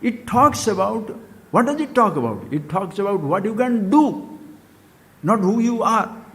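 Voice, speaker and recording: An older Indian man gives a spiritual talk in a voice that sits high and leaps all over its range. He swings between loud animated questions and hushed asides. A long reverb from the hall trails behind every phrase. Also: measured pace. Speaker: spiritual teacher.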